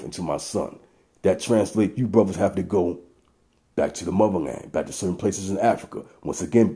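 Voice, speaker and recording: A man's voice: low voice, mellow. A man reading scripture aloud and preaching to an audience of brothers, stopping often to drive his points home. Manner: reads verses aloud, then breaks in to address brothers. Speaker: Bible teacher.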